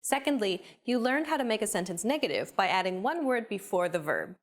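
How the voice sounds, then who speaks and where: A woman narrating a scripted language lesson in a clear, upbeat, explaining manner. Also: medium pitch, sing-song, brisk.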